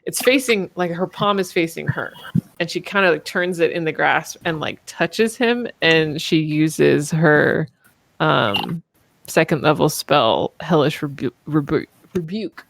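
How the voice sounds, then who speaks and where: A woman's voice: low-pitched, a little slow, creaky, a bit bright, a little hiss or hum. A woman narrating as game master of a tabletop game, rambling with lots of fillers and laughter.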